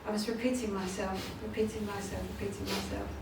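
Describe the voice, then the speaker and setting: Speaking fast with a medium-pitched voice that barely moves in pitch, a woman on stage in a large conference hall gives an emphatic motivational talk, often laughing and repeating herself. The recording is noisy, with echo, from a distance.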